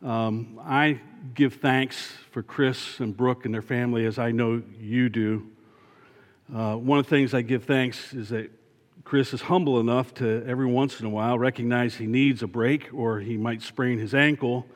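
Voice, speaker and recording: A man's voice: medium pitch, fairly even intonation, normal speed. Earnest man preaching in a reverberant church. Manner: earnest, repeats key points for emphasis. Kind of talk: sermon. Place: church sanctuary.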